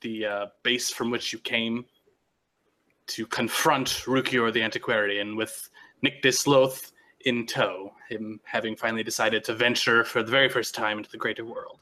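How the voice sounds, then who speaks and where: Halting, bright-voiced man running a game. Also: medium pitch. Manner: relaxed, halting, many restarts. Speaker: game master. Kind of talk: narrating a tabletop game.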